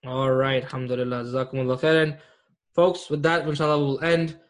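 A man's voice: mid-range voice, monotone, a little fast. A man teaching an online Arabic grammar class, explaining patiently and often checking that students follow.

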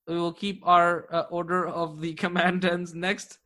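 High, bright-voiced male grammar teacher. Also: level tone. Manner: patient, quizzing students with frequent checks and praise; slows down to dictate key terms. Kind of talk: classroom grammar lesson.

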